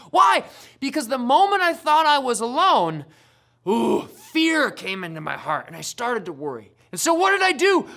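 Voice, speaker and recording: A woman hosting a children's church show, telling a Bible lesson in a playful, animated storytelling manner. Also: high-pitched, normal speed. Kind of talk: lively kids' Bible lesson.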